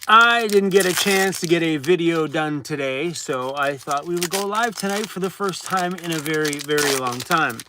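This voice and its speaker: A man's voice: on the high side, normal speed, hardly any pauses, background noise. A man hosting a casual livestream from inside his van, reading out viewer comments, worn out and laid-back, chuckling often and talking while chewing. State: tired, worn out. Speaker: van life vlogger hosting a live chat.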